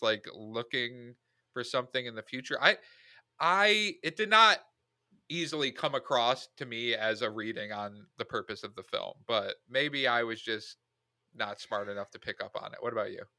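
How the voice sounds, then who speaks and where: A man's voice: medium pitch, normal speed, no echo, clean studio sound. A man co-hosting a podcast, reviewing a movie in casual chat and acting out quoted lines. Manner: animated, opinionated, acts out quoted lines. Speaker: podcast co-host, film reviewer.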